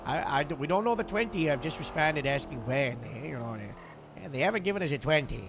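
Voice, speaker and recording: Gravelly man role-playing a police captain. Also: fairly high pitch, expressive, music in the background. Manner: halting, full of "uh" and restarts, police radio jargon. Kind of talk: in-character police radio role-play.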